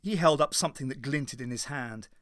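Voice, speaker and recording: A man narrating an audiobook in a dramatic, measured reading. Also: mid-range voice, fairly bright tone, no room sound, clean studio sound. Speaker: audiobook reader. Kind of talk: scripted narration.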